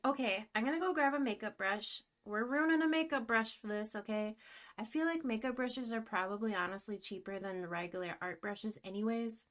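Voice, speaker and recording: A young woman vlogging as she paints, talking in a giddy, gushing, excitable way. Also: a little high, a little fast. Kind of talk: casual vlog talk to camera.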